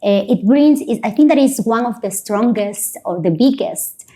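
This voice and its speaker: A woman's voice: a little high, lively intonation, moderate pace, dark tone. A woman executive director interviewing a guest, speaking earnestly and fluently with occasional fillers. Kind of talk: conversational interview.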